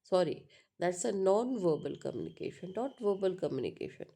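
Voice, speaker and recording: A woman teaching a lesson on word stress, pausing often with fillers and asking "right?" to check understanding. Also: on the low side, big pitch swings, warm tone. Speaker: English teacher. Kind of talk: spoken lecture on pronunciation.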